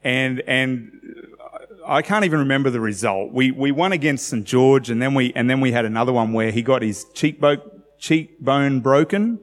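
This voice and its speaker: A man's voice: medium pitch, moderate pace, long reverb tail. A man in his forties with an Australian accent, preaching a sermon in a conversational way and asking the congregation questions. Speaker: pastor.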